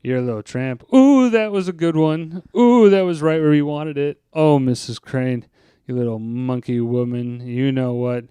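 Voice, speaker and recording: A man voicing a sly, odd assistant groundskeeper who mutters in a low drawl. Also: moderate pace, mellow, clean tone, no room sound, lightly acted. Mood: muttering.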